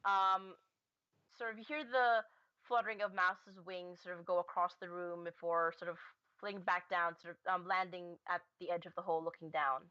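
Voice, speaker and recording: A woman running a tabletop game with a bright, forward voice, close and dry on a slightly dull mic. She narrates in a halting way, full of fillers and corrections. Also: fairly low pitch, level tone, no room sound. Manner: hesitant, many fillers and self-corrections. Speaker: game master.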